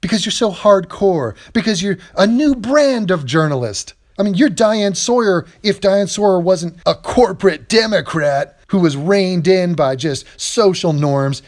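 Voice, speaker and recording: Sarcastic man ranting in a high, lively voice. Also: a little slow, few pauses. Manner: sarcastic, exasperated, profane. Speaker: online commentator. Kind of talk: reaction commentary rant. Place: in bed at home. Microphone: phone.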